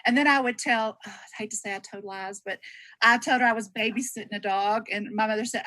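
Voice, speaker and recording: Bright Southern woman in her sixties. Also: fairly high pitch, animated, moderate pace, no echo, poor audio. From Texas. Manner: chatty, storytelling, laughs easily. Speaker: registered nurse sharing testimonial. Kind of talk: casual chat on a group call.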